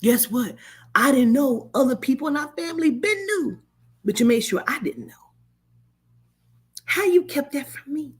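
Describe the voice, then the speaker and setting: A woman's voice: sits high, animated, moderate pace, long pauses. A woman who gives spiritual readings tells a personal story casually and bluntly, swearing often. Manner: blunt, swearing, acts out quoted voices. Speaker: spiritual reader.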